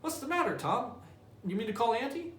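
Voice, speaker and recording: Panicky young boy, high and pleading, done by a male teacher, echoey room, distant mic. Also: very animated, brisk, a bit bright, a little hiss or hum, heavily acted. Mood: alarmed. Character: young boy, anxious and frightened.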